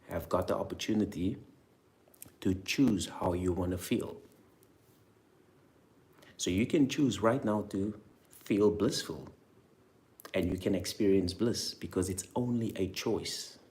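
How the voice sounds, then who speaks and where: Deep-voiced man coaching a money mindset. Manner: coaching, leads guided imagining with repeated prompts; energetic, emphatic interjections. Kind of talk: motivational guided talk to viewers.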